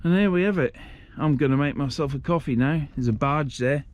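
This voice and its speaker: His pitch is fairly high and his pace a little fast, with slight background noise. A middle-aged man from England, he vlogs about fishing by a riverside shore on a handheld camera, grumbling bluntly and swearing freely in a casual way.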